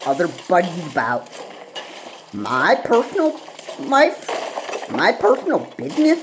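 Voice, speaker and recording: Woman, solo vlog rant, very unhurried, halting, repetitive, fillers, faint background hiss. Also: on the low side, huge pitch swings, rough recording. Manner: halting and repetitive, frustrated, with many pauses and fillers. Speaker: vlogger.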